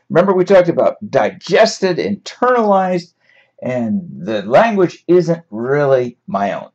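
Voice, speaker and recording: This writing-class lecture on paraphrasing is captured in dull lo-fi sound. The teacher, a man with a mid-range, breathy-edged voice, is very animated yet measured in pace, chatting wryly and sometimes laughing at his examples.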